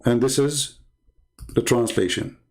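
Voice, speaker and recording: In a rough recording, a man debates religion heatedly on a live stream, reading out and translating source texts. His medium-pitched voice is unhurried and darkish, and he is combative, firing off rhetorical questions.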